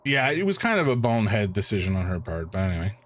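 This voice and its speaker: A man's voice: fairly low pitch, very animated, fast. A man, streaming a game and thinking aloud in rambling commentary. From Canada. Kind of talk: let's play commentary.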